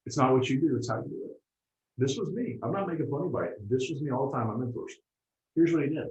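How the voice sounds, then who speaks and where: A man giving a motivational seminar talk to a live group, animated and often checking in with the audience. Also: medium pitch, quick pace. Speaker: motivational speaker. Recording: roomy, dull lo-fi room recording.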